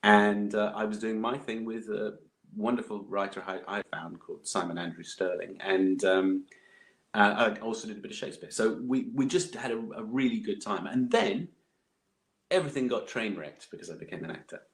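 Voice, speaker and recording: A man's voice: on the low side, normal speed, a bit bright. A man, chatting as a podcast guest, rambling with many fillers and restarts. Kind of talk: casual interview chat.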